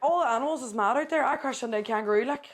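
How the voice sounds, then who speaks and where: Lively Northern Irish woman telling stories. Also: high-pitched, racing, over a noisy crowd. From Northern Ireland. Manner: animated storyteller, swears to God, says aye and like a lot. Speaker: podcast guest, content creator. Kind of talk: casual chat.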